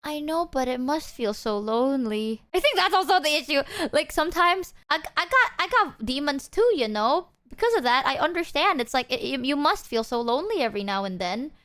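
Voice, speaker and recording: A woman's voice: high-pitched, very animated, brisk, few pauses, fairly bright tone. A young woman streamer chatting casually with her viewers, rambling and self-deprecating, swearing freely and acting out people she quotes. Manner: quotes people in exaggerated put-on voices.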